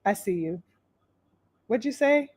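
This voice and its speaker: A woman with a slightly high voice hosts a casual livestream. She talks straight to her viewers. Her delivery is animated, emphatic and openly profane. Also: slow pace. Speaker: boxing talk show host.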